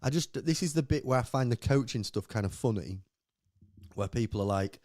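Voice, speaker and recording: A man talks loosely on a podcast, beer in hand, tumbling from one thought to the next and slipping into little impressions of the people he quotes. His voice sits at an ordinary pitch and is recorded close and dry, with no room sound. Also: fairly quick, dry recording. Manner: rambling, animated storytelling with acted-out quotes. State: drinking beer. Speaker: podcast co-host. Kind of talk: casual chat.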